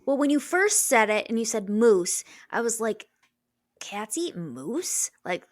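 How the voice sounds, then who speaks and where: A woman's voice: a little high, animated, normal speed, no room sound. A woman co-hosting a podcast in casual chat, laid-back, with short replies and frequent laughs. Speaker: podcast co-host.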